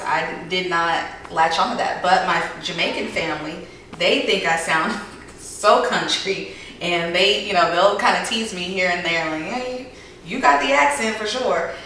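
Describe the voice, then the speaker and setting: A woman's voice: on the low side, sharp tone. A woman who grew up in the southern United States, talking through her thoughts in a casual podcast chat with many fillers. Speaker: podcast co-host. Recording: very echoey room, mic far off, faint hiss.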